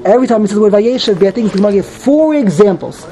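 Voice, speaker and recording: A man giving a Talmud class, reading Hebrew phrases and explaining them quickly in English with many restarts. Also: high voice, animated, mellow, poor audio. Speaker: Talmud teacher.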